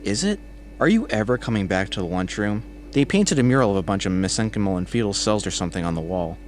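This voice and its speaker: A man's voice: on the low side, lively intonation, fast, slight background noise, lightly acted. A man voicing a teasing, chatty male coworker with an Austrian accent.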